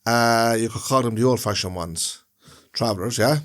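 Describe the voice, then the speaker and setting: A man's voice: mid-range voice, normal speed, a bit bright. Man explaining at rambling length. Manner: rambling, explains with long examples. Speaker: podcast co-host. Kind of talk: casual chat.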